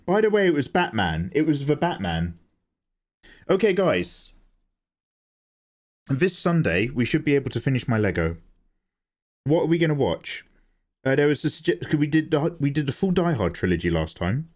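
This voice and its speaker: A male livestreamer talks casually while drawing, joking and bantering with frequent casual swearing. His voice sits a little high for a man and moves up and down in a lively, animated way. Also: moderate pace, long pauses.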